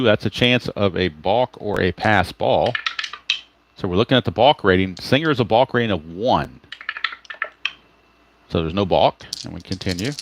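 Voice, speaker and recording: A man's voice: lowish voice, noisy background. A man hosting a tabletop baseball game, calling the plays as he rolls dice and reads player cards, stopping now and then to greet viewers and correct his own slips. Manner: greets live chat viewers mid-game.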